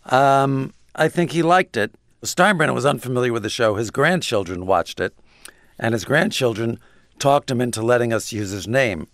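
An older man telling anecdotes as an interview guest in a wry, halting way, on a studio microphone. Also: mid-range voice, no echo.

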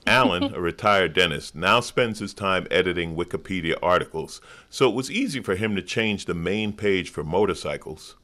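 A man's voice: low-pitched, animated, moderate pace, hardly any pauses, pushed and bright. A man panelist on a radio comedy quiz, reading a scripted funny story in a dry, mocking way.

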